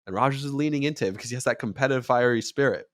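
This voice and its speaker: A man hosting a show, talking sports in a casual, animated way and rising to near-shouts when he acts out quotes. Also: mid-range voice, racing, no room sound, studio quality. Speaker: podcast host and sports radio commentator.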